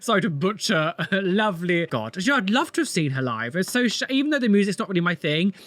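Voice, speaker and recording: Sarcastic British man, high and lively voice. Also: fast, dry recording. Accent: British English. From United Kingdom. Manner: sarcastic, exasperated, theatrical. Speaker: piercer reacting to videos. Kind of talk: reaction commentary.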